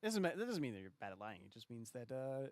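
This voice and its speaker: A man's voice: mid-range voice, big pitch swings, fast talker, a little mellow, no echo. A young man acting as game master, talking casually and hesitantly with many fillers over voice chat. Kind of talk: running a tabletop role-play session.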